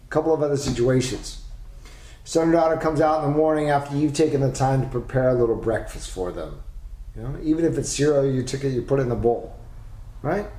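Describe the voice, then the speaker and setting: A man hosting a solo parenting podcast, talking emphatically and asking rhetorical questions with lively delivery. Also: medium pitch, a little fast. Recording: roomy echo.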